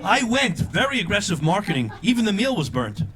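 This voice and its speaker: An older man performing a live stand-up comedy routine with a punchy delivery, often leaping into loud, high character voices. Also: very animated, fairly quick. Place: comedy stage before a live audience. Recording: live show with crowd laughter. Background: audience laughter.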